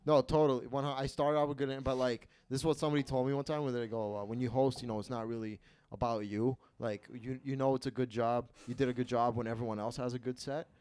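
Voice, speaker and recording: Halting, self-mocking young male comic. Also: mid-range voice, little pitch movement, darkish tone, smooth. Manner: self-deprecating, halting with many restarts. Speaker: podcast host and comedian. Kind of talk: casual comedic chat.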